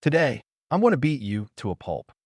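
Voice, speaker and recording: A man's voice: mid-range voice, big pitch swings, fairly quick, husky, no echo, clean studio sound, voice pushed up. A man voicing a hulking, boastful rhinoceros-man villain who speaks in a muffled, slightly slurred voice. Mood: furious. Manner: gloating and threatening.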